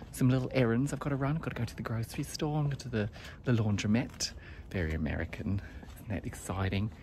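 A man's voice: medium pitch, gravelly. A man playing a cheerful, naive woman who chats rambling to camera on a vlog about her errands, with lots of fillers. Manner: chatty and rambling, full of "uh" fillers and small exclamations. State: a bit out of breath. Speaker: vlogger character. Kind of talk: comedic character vlog. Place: outdoors on city streets with traffic. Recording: loud traffic noise outdoors.

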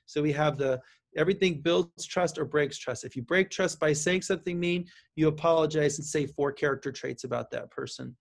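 A man speaking as a counselor guest in an interview, explaining parenting advice with lively delivery and frequent restarts. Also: on the high side, fairly quick, creaky. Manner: animated, acts out parent and child lines, frequent restarts. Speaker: counselor and author.

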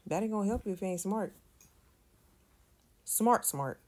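A woman's voice: mid-range voice, animated, moderate pace, background noise. A woman talking casually to her audience, emphatic, repeating and restarting her words and sometimes dropping to a near-whisper. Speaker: channel host. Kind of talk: casual commentary to camera.

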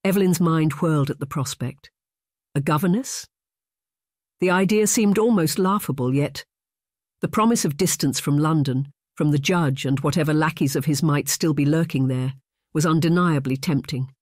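An audiobook narrator reading a period romance in a measured, even way. The voice sits at a middling pitch. The recording is dry and close. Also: dry recording. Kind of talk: scripted narration.

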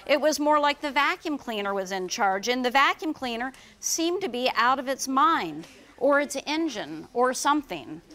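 A woman author reading her children's book aloud and describing its pictures at a bookstore event, in a lively storytelling manner. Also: high voice, normal speed.

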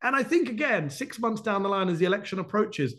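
Brisk, animated man with a higher voice. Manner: brisk and animated, lists points, quick asides. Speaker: host answering members' questions. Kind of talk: live Q&A town hall, off-the-cuff answers.

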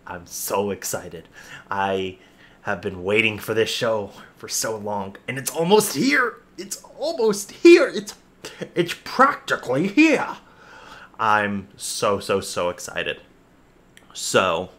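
Bright-sounding guy on his reaction vlog, super hyped, rambly, lots of um and so so so. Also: fairly low pitch. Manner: excitable, rambling fan chatter with many fillers and repeats. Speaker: host.

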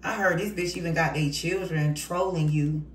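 A woman's voice: sits low, fairly even intonation, normal speed. A woman giving a casual tarot reading in a blunt, heated, profane way. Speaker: tarot reader. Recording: roomy, distant mic, noisy.

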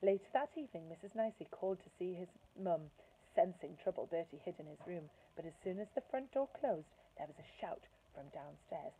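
A woman, a primary school teacher, reading a children's storybook aloud in an expressive way, heard through a tinny phone-like line. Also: lowish voice, fairly quick, hardly any pauses, a little hiss or hum.

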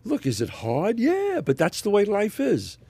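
A middle-aged man, a podcast guest, telling stories in a casual chat, animated and often restarting his sentences. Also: high-pitched, unhurried, gravelly, husky, dry recording. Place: podcast studio.

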